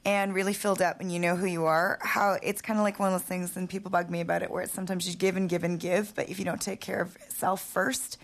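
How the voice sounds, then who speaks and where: A woman's voice: fairly low pitch, level tone, fast, vocal fry, few pauses. A woman co-hosting a radio talk show and running the board, frank and wry. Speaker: radio co-host and board operator. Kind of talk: casual radio chat.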